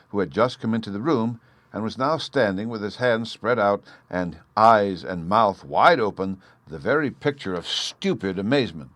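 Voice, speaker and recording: A man narrating an audiobook in an even, measured storytelling manner. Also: lowish voice, no echo. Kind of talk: scripted narration.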